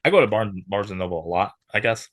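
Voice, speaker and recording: A man appearing as a guest on a movie podcast, speaking in a halting way and restarting his sentences often. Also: fairly low pitch, animated, fairly bright tone, dry recording. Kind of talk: casual movie chat.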